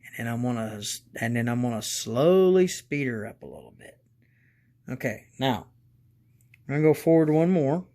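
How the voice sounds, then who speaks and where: A man hosting a casual hobby review video, talking slowly and rambling, getting excited and calling out to his viewers as guys. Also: medium pitch. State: congested from allergies. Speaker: model railroad channel host.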